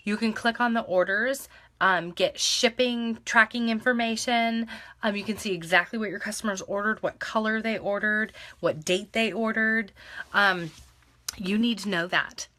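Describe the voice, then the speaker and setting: A woman's voice: medium pitch, moderate pace, no room sound. A young adult woman giving casual live training to her sales team at home, with lots of ums. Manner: casual, instructive, full of ums; hushed soothing of a child. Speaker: direct-sales team leader.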